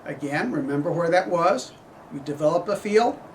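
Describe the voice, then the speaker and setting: A middle-aged man teaching a horn clinic, explaining phrasing in a measured way and singing passages on syllables. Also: on the high side, animated, distant mic, faint music behind. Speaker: horn professor giving a clinic. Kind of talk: instructional clinic talk.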